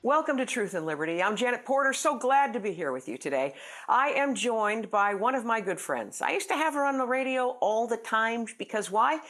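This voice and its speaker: A woman's voice: on the high side, animated, a little fast, a bit bright, soft background music. A woman guest-hosting a talk show, chatty and friendly as she introduces and questions her guest. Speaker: guest host.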